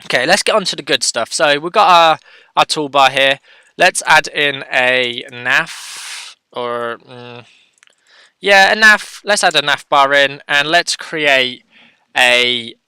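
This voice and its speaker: Bright, crisp-voiced man thinking aloud. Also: on the high side, takes it slowly, no echo. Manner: thinks aloud, self-correcting, chatty. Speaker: coding tutorial host. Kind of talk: casual screen-share coding tutorial.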